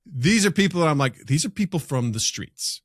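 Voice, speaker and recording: Animated man telling stories, dry sound. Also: a little fast, no echo. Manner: animated, acts out quoted people in loud high voices. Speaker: podcast co-host. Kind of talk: casual storytelling chat.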